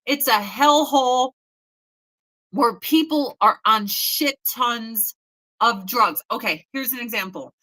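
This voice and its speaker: A woman's voice: on the high side, takes it slowly, bright, forceful tone, rough recording. A woman in her forties hosting a casual morning chat, blunt and profane, often mocking people in put-on voices. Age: 40s. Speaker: host.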